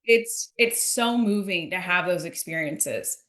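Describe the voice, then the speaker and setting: A woman guest on an interview, speaking earnestly and with feeling in a bright, forward voice. Her words ring around an echoey room. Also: on the low side, a little slow. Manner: earnest, emotional storytelling. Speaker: congressional candidate guest.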